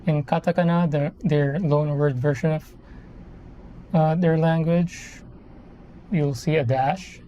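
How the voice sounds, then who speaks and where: The voice is medium-pitched, steady, slow and mellow, with long pauses, in a muffled recording with a bit of hiss or hum. It's a Filipino person in their thirties rambling and self-correcting in casual live-stream chat while building a model kit.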